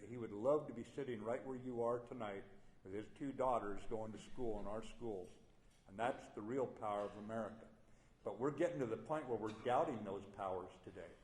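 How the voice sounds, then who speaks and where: A man's voice: medium pitch, darkish tone. Older man speaking bluntly in an echoey hall. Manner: plainspoken, blunt, dry humor. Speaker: guest speaker. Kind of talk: after-dinner speech with war story. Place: banquet hall. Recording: roomy hall sound.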